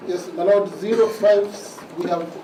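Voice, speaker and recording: Advocate, formal, echoey courtroom. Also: male voice, high voice, fairly even intonation. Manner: formal, measured, repeats "my lords" and slows to stress points. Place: large courtroom. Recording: echoey courtroom heard from a distance with noise.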